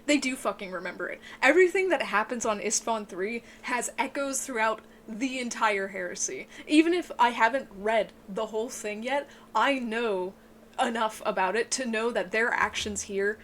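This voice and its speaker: An excitable woman giving an emotional, casual book review, swearing often and sounding tearful. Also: moderate pace, slight background noise. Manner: excitable, swears a lot, voice breaks into high yelps.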